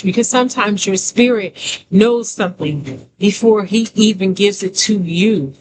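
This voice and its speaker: A woman giving a conversational testimony sermon as a prophetic teacher, emphatic, repeating phrases and talking straight to her listeners. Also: medium pitch. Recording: noisy background hiss.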